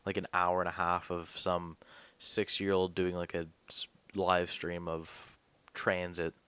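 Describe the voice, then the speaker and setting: A young man talks in a loose, rambling podcast chat, dropping the odd swear word. His voice sits very low. The sound is dry and close. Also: monotone, unhurried, a bit bright, clear, resonant tone, dry recording. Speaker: podcast host.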